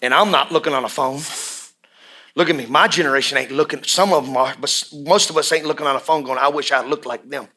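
Man, pastor mid-sermon; bright, high-leaning voice, passionate, repeats lines for emphasis. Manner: impassioned, swings from hushed to shouting; drawn-out emphatic repetitions.

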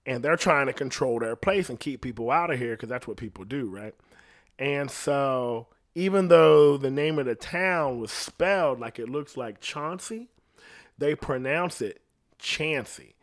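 A man telling a story in a casual, animated monologue, swearing freely and putting on voices for the people he quotes. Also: mid-range voice, moderate pace. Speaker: singer recounting a story.

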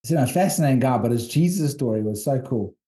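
A man with a South African accent, co-hosting a podcast, telling rambling, animated stories in casual chat. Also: medium pitch, quick pace. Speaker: podcast co-host and documentary filmmaker.

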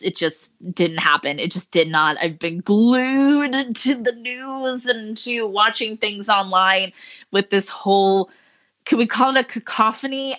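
A woman co-hosting a casual podcast chat, teasing her co-host with quick, playful quips. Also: medium pitch, a bit bright.

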